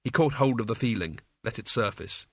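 A man reading an audiobook as its narrator, in an even, measured storytelling manner. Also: medium pitch, slightly rough, no room sound, clean studio sound.

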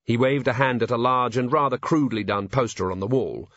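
Male audiobook narrator, measured, slightly dull recording. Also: medium pitch, fairly bright tone, dry recording. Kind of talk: scripted narration.

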